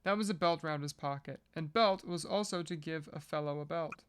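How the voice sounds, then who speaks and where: Measured, smooth-voiced novel reader. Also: mid-range voice. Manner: measured reading with casual joking asides. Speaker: podcast reader. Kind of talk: reading a novel aloud.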